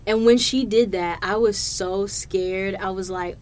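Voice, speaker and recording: A woman hosting her own podcast, telling stories in a profane, animated, laughing way. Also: mid-range voice, a little slow, slight background noise. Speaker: podcast host. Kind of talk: casual solo podcast storytelling.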